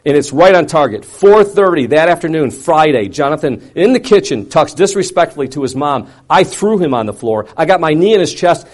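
Middle-aged man, personal testimony, dramatic storytelling, loud outbursts, hushed reflective moments. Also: a little high, big pitch swings, a little fast, hardly any pauses. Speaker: speaker sharing a personal testimony.

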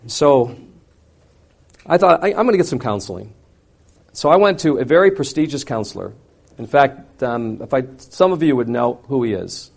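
A middle-aged man telling a personal testimony to an audience, swinging from loud, intense outbursts to quiet, hushed reflection. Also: mid-range voice, big pitch swings, moderate pace, creaky. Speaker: speaker sharing a personal testimony. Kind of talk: dramatic personal storytelling to an audience.

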